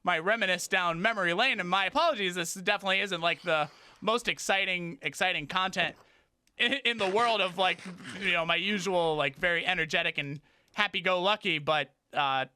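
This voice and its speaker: Bright-voiced male gaming streamer. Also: smooth, dry recording. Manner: rambling, halting talk with many restarts; breaks into high startled yelps at the game. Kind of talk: casual livestream gaming chat.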